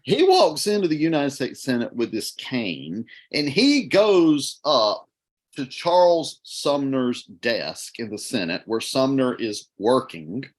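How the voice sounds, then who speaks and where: A man's voice: mid-range voice, takes it slowly. A man co-hosting a history podcast, telling the story casually and laughing along. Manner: animated, laughs while telling. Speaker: podcast co-host.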